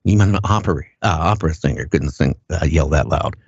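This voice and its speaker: An older man telling his story in a halting, earnest way, often repeating words as he goes. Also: a bass voice, vocal fry, slightly rough, dry recording. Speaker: guest recounting an encounter. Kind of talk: casual first-person storytelling. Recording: dull lo-fi sound.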